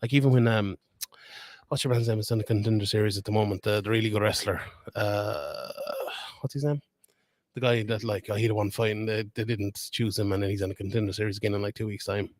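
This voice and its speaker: A man's voice: fairly low pitch, steady tone, quick pace, a little mellow, dry recording. Chatty Limerick Irishman hosting a stream. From Ireland. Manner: rambling, chatty, laughs often. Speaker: live stream host. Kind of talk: casual live-stream chat. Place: fight weigh-in venue. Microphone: phone camera.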